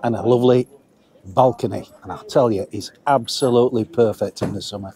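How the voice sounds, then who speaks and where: A man's voice: medium pitch, a little fast, warm tone. A middle-aged man, chatting casually to viewers as his mates while reviewing a pub meal on camera. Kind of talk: casual food review vlog. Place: pub dining area.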